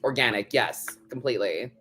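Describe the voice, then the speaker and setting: A man's voice: medium pitch, normal speed, music in the background. A man hosting a live tarot stream, talking in a loose, chatty way full of "like" fillers, casual swearing and frequent laughter. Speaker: tarot reader, host.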